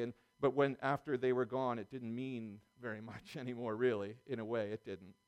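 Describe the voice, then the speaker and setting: A man's voice: mid-range voice, fairly even intonation, a little fast, hardly any pauses, smooth. A man preaching a sermon in a church, then leading the congregation in prayer. He talks earnestly, circles back over the same phrases and trips on the first words of his sentences. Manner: earnest, repeats phrases, stammers on starts. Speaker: pastor. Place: church service.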